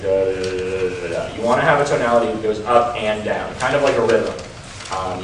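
A man teaching a seminar in a relaxed, casual way, with lots of ums and likes. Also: medium pitch, a little hiss or hum. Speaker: dating coach. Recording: roomy echo, mic far off.

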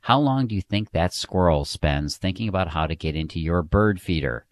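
Brief: a man playing a patient salesman, low, unhurried, soothing. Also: a little hiss or hum. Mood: calm. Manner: calm, measured, soothing. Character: calm, patient male store salesman.

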